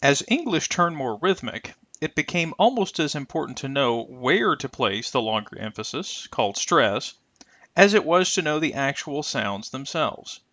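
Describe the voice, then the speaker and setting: Lively-voiced man teaching pronunciation. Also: mid-range voice, dry recording. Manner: careful, deliberate, stretches example sounds. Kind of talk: scripted instructional narration.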